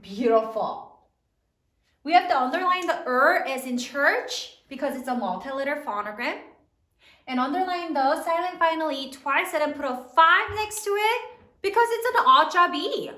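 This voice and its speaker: A woman teacher leading a spelling lesson for third graders, slowly sounding out each letter and praising her students often. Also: high voice, expressive, bright, forceful tone, echoey room.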